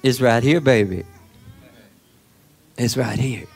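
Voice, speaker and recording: A male preacher giving a sermon in an emphatic, repetitive way that swells to shouts. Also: medium pitch, slow, vocal fry, a little hiss or hum.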